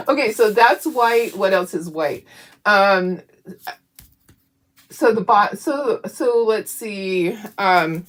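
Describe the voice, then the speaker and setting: A woman's voice: mid-range voice, animated, extremely slow, pauses often. A middle-aged woman hosting a craft stream, chatting and telling stories while she paints. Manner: chatty, tells stories while painting and reads viewer comments aloud. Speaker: craft channel host.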